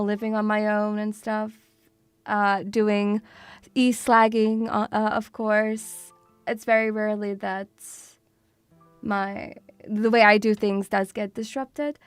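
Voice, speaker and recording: A woman's voice: mid-range voice, fairly even intonation, slow pace, smooth, dry recording, soft background music. A young woman, streaming in casual chat, swearing freely and calling her viewers sweetie. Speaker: VTuber streamer.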